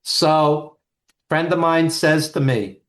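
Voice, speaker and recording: A man, a guest on an interview show, telling stories in an animated, emphatic way with frequent restarts. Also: a little high, slow. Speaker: guest, author and producer. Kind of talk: storytelling interview talk.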